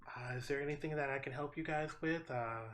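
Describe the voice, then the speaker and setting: A man's voice: fairly high pitch, fairly even intonation, brisk, a bit bright, natural voice. Anxious, affectionate mother in a tabletop game, put on by a man. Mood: welcoming. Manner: affectionate, then anxious and concerned. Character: warm, worried middle-aged mother.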